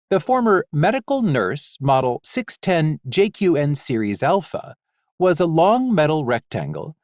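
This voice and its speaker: A man narrating a fantasy audiobook in an expressive, measured way. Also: a little high, no room sound, studio quality. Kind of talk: scripted narration.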